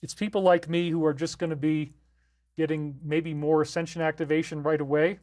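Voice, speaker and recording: A man's voice: fairly high pitch, level tone, fairly quick, darkish tone. A man hosting a live stream, reading viewer comments aloud and answering them in an easygoing, off-the-cuff way.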